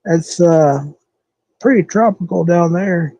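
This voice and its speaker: On a rough recording with no room sound, a man from the American Southwest talks slowly in a warm voice that sits high. He hosts a casual live stream, chatting with viewers in a loose, rambling way full of fillers and self-corrections.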